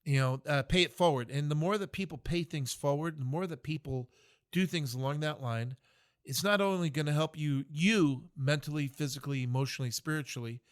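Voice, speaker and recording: On a podcast, a man in his fifties from the United States, a military veteran, talks with earnest reflection, often using fillers and restarting his sentences. His voice is on the high side and his delivery is brisk.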